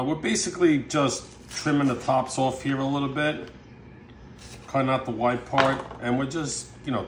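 A man giving a relaxed, chatty cooking demonstration, talking viewers through each step with lots of fillers and asides. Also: mid-range voice. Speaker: home cook showing a recipe. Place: kitchen, then an outdoor backyard grill. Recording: outdoor background noise.

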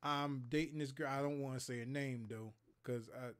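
A man's voice: medium pitch, steady tone, normal speed, fairly bright tone, clean tone. A man in his thirties from Maryland, hosting a show and telling stories in casual, profane chat, acting out quotes and sound effects.

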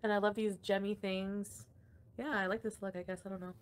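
A woman's voice: mid-range voice, level tone, brisk, slight background noise. A young woman hosting a casual livestream, ranting with frequent swearing and laughter while reading chat comments. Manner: profane, ranting, laughs often. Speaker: livestream host.

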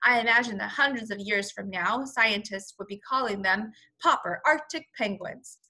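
A woman reading the lines of a confident older male admiral in a storybook read-aloud, measured and explanatory. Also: medium pitch, pushed and bright, rough recording. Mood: musing.

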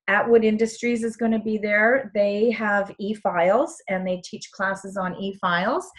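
A middle-aged woman hosts a casual show in an easy, chatty way. Her voice sits at a medium pitch, and she grows eager and sentimental as she goes on, at times sounding choked up. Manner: enthusiastic, gets emotional and tearful. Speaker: show host. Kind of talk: casual chat.

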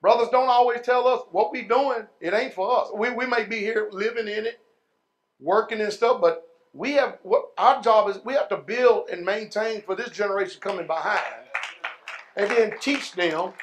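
A pastor with a high voice for a man preaches to his congregation. He stretches words slowly, then breaks into loud shouts before dropping low and quiet. His talk is folksy, full of "man" and "y'all.". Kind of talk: sermon.

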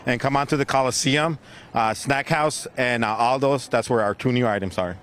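A man's voice: medium pitch, normal speed, a bit bright. A man who sells food at an outdoor fair, describing his dessert as a TV guest, hesitant with many fillers. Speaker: food vendor. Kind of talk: guest on a live TV segment.

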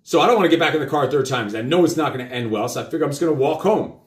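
A man whose voice runs on the high side, with lively intonation and rapid-fire delivery, hosts a live show and tells his children a story. It's casual and meandering, full of profanity and fillers, with a roomy echo in the recording.

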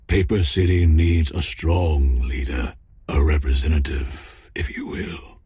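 A scheming crime boss growls out his threats in an extremely low, raspy voice. He speaks slowly and smugly, in the dry, close sound of game dialogue. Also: mellow, no echo, heavily acted. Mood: smug menacing. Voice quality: deep gravelly voice. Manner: smug, slow and threatening. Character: scheming crime boss, older male, smug and menacing. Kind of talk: noir game voice acting.

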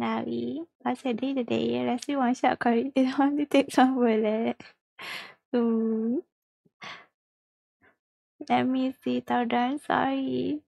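High-voiced, unhurried woman streamer. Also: gravelly, a little mellow, dry recording, highs cut off. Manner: chatty, giggly, reads viewer chat aloud. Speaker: livestreamer. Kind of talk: casual livestream chat while gaming.

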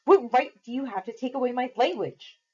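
A woman's voice: medium pitch, animated, normal speed, a little mellow, husky, lo-fi sound. A woman voicing a defiant Puritan captive girl who talks in an insistent, scolding way.

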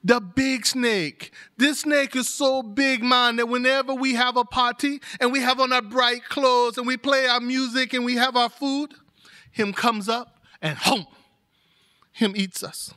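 A man voicing a fearful male island villager, warning in hushed, urgent tones. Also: extremely high pitch, steady tone, unhurried, pitched above the performer's own voice, heavily acted.

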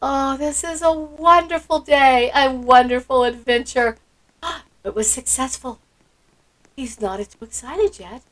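A woman's voice: high-pitched, slow pace, rough recording. A woman hosting a gameplay video, gushing with sweet enthusiasm and gasping often. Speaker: channel host. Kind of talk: excited gameplay commentary.

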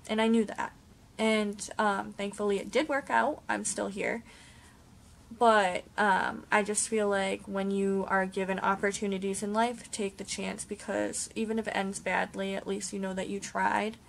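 A young woman vlogging casually to camera at home, rambling with many pauses and ums. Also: mid-range voice, level tone, gravelly, slight background noise. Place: home, indoors.

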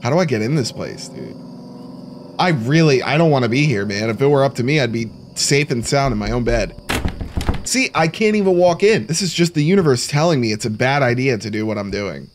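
Animated man narrating a horror game. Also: mid-range voice, fairly quick, a little hiss or hum. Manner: jumpy, reacts aloud, talks to himself, says bro and dude. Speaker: horror game let's player. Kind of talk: casual gameplay commentary.

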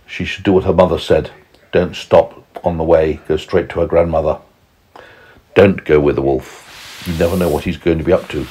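A man reading a bedtime story aloud to a small child at home, gently stopping to ask questions and teach a lesson. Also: very deep voice, steady tone, normal speed.

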